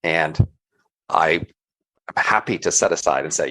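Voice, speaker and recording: Low-voiced middle-aged guy on a podcast, thinking out loud, lots of restarts, careful hedging. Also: unhurried, pauses often, rough recording. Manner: thoughtful, hedging, repeats words when restarting. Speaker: economist, podcast co-host. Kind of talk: casual intellectual conversation.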